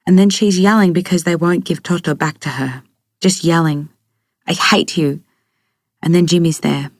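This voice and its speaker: A woman narrates an audiobook at a steady, even pace. Her voice sits low, and the recording is dry and close. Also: a little fast, no echo.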